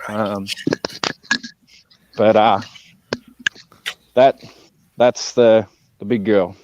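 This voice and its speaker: A man's voice: fairly low pitch, fairly even intonation, very slow, a little mellow, no room sound. Laid-back Australian man, slightly muffled. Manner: laid-back, laughs often. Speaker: guest on a live stream. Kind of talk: casual chat.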